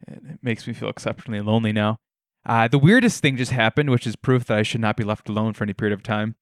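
A man's voice: on the low side, fast, no room sound, studio quality. A young man hosting a casual solo podcast from his living room, telling stories in a wry, self-deprecating way. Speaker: podcast host.

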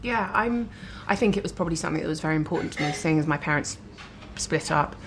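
A woman's voice: deep voice, lively intonation, fast talker, noisy background. A woman who is a musician, chatting frankly and laughing easily as a guest over a meal. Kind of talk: casual chat over a meal. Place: dinner table. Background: clinking cutlery and dishes.

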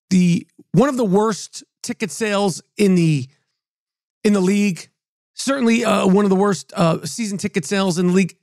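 A man's voice: high voice, no room sound, studio quality. A man hosting his own podcast, ranting bluntly and profanely about basketball players. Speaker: podcast host. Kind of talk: profane sports rant.

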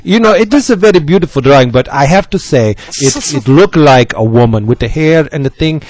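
A man co-hosting a casual podcast, telling a funny anecdote in an animated way and laughing often. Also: fairly high pitch, fairly quick, no room sound. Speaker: podcast co-host. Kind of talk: casual storytelling chat.

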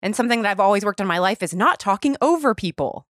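Her voice is a mid-pitched woman's, eager and animated, tumbling through her thoughts as she hosts a casual podcast chat. She swears freely and laughs along the way. The sound is close and dry, with no room around it. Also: no room sound. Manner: animated, talks fast and openly, with swearing and laughter. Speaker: podcast host.

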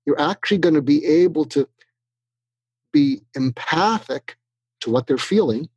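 Husky man giving animated advice. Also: a little high, unhurried, no room sound. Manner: animated, acts out both sides of sample dialogues. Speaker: guest expert. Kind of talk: conversational advice in an interview.

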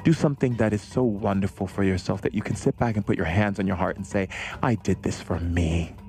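A man's voice: fairly low pitch, quick pace, gravelly, a little mellow, soft background music. A man hosting a podcast, giving an effusive, affectionate spiritual monologue. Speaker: podcast host.

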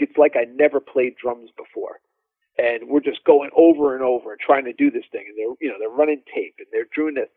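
Drummer telling stories over a phone line. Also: male voice, mid-range voice, dry recording. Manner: animated, laughing storyteller, many fillers. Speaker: guest drummer. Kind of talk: casual storytelling interview.

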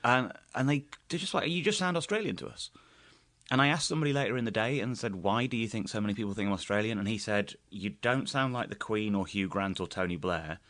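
A man's voice: lowish voice, quick pace, few pauses, fairly bright tone, no echo. A man from England with an English accent, a comedian telling anecdotes in a casual chat and laughing often. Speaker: guest comedian.

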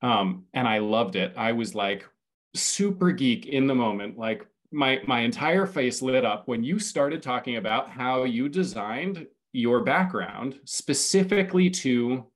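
A man talking as a guest on a podcast in a casual interview. His voice is mid-pitched, and he explains his ideas with enthusiasm, stacking his points one after another. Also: lively intonation, measured pace. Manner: enthusiastic, explanatory, speaks in building lists. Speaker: podcast guest, community consultant.

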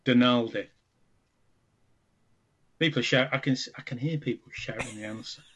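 A man's voice: mid-range voice, normal speed, fairly bright tone, breathy edge. A man co-hosting a podcast, answering quiz questions with teasing, sardonic remarks. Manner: sardonic, teasing banter with laughs. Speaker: podcast co-host. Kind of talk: casual chat.

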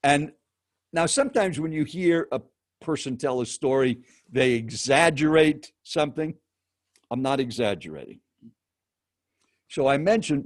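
Here a professional male speaker in a mid-range voice recounts something from his own life to a host, taking his time. He's an animated storyteller who speaks straight to the listener and asks him questions, captured in a dry, clean studio recording.

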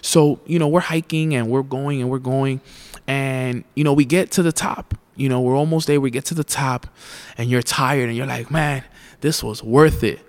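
Male motivational speaker with a middle-pitched voice, casual and filler-heavy, slows down to stress the lesson. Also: fairly even intonation. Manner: addresses the listener as "you", many fillers, repeats key lines slowly. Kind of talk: motivational storytelling.

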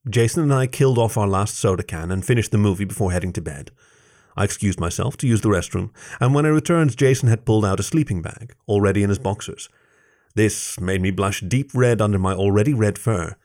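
A man with a fairly low voice reads a first-person story aloud. His delivery is measured and soft-spoken. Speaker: story reader.

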